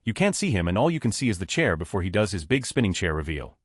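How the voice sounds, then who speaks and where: A man reading short online stories aloud as scripted narration, with a flat delivery that lifts at each story heading. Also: sits low, fast talker, husky, dry recording, studio quality.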